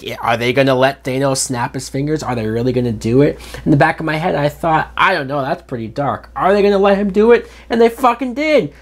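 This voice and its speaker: Earnest young man reviewing a film. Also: a little high. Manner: earnest and emotional, with frequent swearing. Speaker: movie reviewer. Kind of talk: casual spoken film review.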